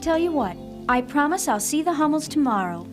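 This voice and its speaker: A woman voicing a shy, caring teenage girl in an animated series, soft-spoken and worn out from feeling unwell. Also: sits high, brisk, music in the background. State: tired and pale with no appetite.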